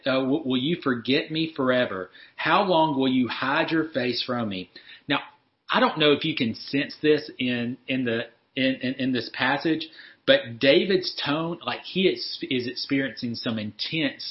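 A man's voice: medium pitch, dull audio. A man preaching a sermon in an earnest way, often repeating words as he restarts and lifting his voice when he acts out a prayer. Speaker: pastor.

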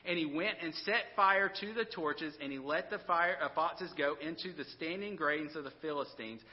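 A man's voice: on the high side, moderate pace, long reverb tail, highs cut off. A man preaching a sermon in a casual, conversational way, often restarting his words and checking in with the listeners. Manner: casual, conversational preaching with frequent restarts and "all right?" asides. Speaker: pastor.

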